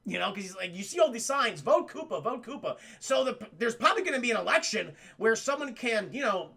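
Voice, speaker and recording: Male streamer, casual sarcastic film recap, profane; high, gravelly. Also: expressive, fast, sharp tone. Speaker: film reviewer streaming to a live chat. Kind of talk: casual commentary.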